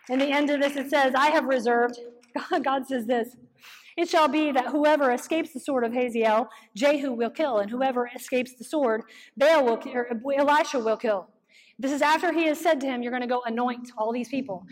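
A woman with a high voice preaches a fervent sermon, driving points home through repetition and sinking low for quoted lines. Her voice rings out with a long reverb tail, as in a large hall. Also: normal speed. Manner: impassioned, repeats lines for emphasis, drops low for quotes.

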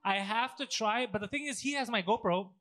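A man co-hosting a podcast, telling stories in animated casual chat with lots of swearing. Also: high-pitched, fairly quick. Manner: animated storytelling, heavy swearing. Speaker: podcast co-host.

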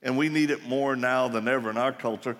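A man with a medium-pitched, slightly fast and somewhat bright voice, speaking with fairly even intonation, preaches a live sermon at a conference. He tells folksy stories full of laughs and asides to an audience in a large hall, and the recording carries the hall's reverb.

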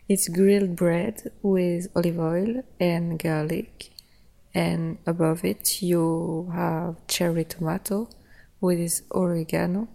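A young woman hosting a podcast, casually recounting a trip in a relaxed, chatty way, often laughing between phrases. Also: lowish voice, takes it slowly, vocal fry. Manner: loose, simple phrasing with frequent "like" and "yeah". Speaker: podcast host. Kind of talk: casual travel storytelling.

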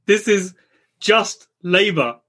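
Blunt, fairly high-voiced male co-host. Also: expressive, slow, fairly bright tone, slightly rough. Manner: blunt, swears casually. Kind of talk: casual podcast chat.

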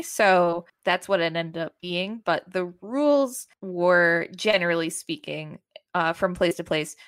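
A woman's voice: fairly low pitch, fairly bright tone, dry recording, clean studio sound. Matter-of-fact woman quizzing her co-host. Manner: matter-of-fact, explains and prompts with questions. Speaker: podcast host. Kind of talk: casual chat, quizzing a co-host.

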